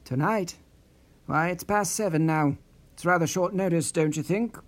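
A man's voice: fairly high pitch, moderate pace, natural voice. A man playing a prim, wary retiree. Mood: indignant. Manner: prim, indignant, formal. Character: wary older male retired office worker.

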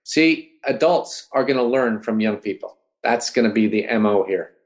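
A man hosting an online talk, coaching in an energetic way and often checking in with his listeners. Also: medium pitch, moderate pace. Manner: energetic, coaching, keeps asking "right?". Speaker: host and speech coach.

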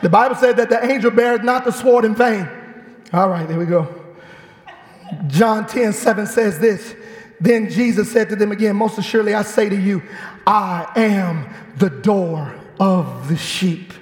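A man preaching a fiery sermon in a church, with an animated, shouting delivery. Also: sits high, moderate pace. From Chicago. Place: church sanctuary. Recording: echoey church hall.

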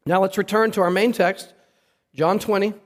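A man's voice: high-pitched, fairly even intonation, normal speed, big-room sound. A man preaching a sermon in church, talking conversationally and putting questions to the congregation. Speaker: pastor. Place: church sanctuary.

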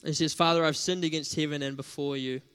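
A man's voice: fairly high pitch, fairly even intonation, fast, fairly bright tone, smooth. A man preaching a sermon in a conversational, storytelling way, with casual fillers.

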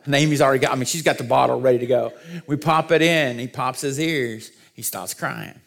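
A man's voice: mid-range voice, expressive, fairly quick, gravelly, a bit bright. A middle-aged man preaching a sermon, mixing scripture reading with earnest personal stories and self-deprecating humor. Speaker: pastor.

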